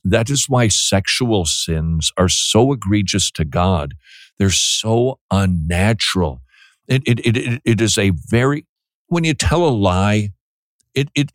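A man's voice: fairly low pitch, animated, unhurried, dry recording, studio quality. A man giving blunt religious commentary on a talk show, talking in restarts and mocking asides.

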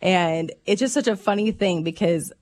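A woman's voice: on the low side, normal speed, a little mellow. A woman co-hosting a radio call-in show, chatting casually and telling stories. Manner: chatty storyteller, laughs while telling. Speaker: radio co-host.

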